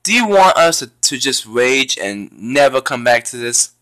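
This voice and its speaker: A young man giving raging, profane commentary on his own gameplay as a YouTuber, yelling and cursing in frustration. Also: medium pitch, big pitch swings, moderate pace, no room sound. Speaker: gaming YouTuber.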